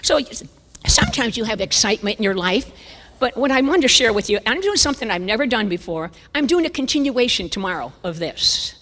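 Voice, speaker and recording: A woman in her seventies giving a conference talk, a lively, self-mocking storyteller. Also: on the high side, fairly quick. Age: 70s. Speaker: conference speaker. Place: church sanctuary. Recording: reverberant church hall.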